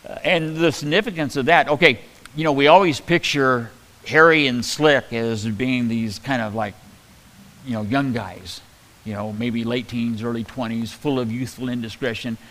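In a rough recording, a pastor gives a conversational Bible-teaching sermon, halting with lots of fillers and restarts. His mid-range voice is a bit bright, with fairly even intonation.

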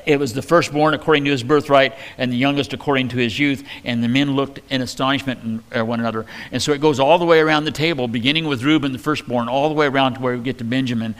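A man teaching from the Bible as a pastor, in a relaxed, conversational way with joking asides. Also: mid-range voice, quick pace, hardly any pauses.

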